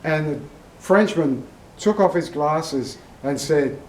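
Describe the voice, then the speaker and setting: An Australian man and regular vlogger, telling a long, rambling anecdote to camera in a meandering, unhurried way. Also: a little high, animated, darkish tone, slight background noise. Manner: slow, meandering storyteller. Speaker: vlogger, horse owner. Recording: roomy echo, from far off the mic.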